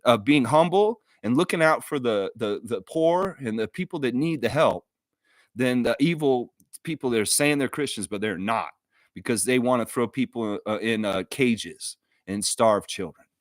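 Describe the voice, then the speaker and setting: A man of middle pitch speaks from a dry, close mic, sounding emotional and earnest. He talks off the cuff as a live stream host, heartfelt and apologetic, often stopping and restarting his sentences. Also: animated, normal speed, dry recording. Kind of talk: unscripted live stream monologue.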